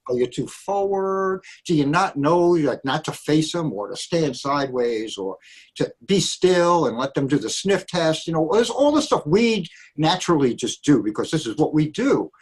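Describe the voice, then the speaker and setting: Man, husky voice, lively swooping pitch, a bit high, casual panel talk, acts out quotes. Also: moderate pace. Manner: animated storyteller, acts out quotes. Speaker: dog trainer panelist.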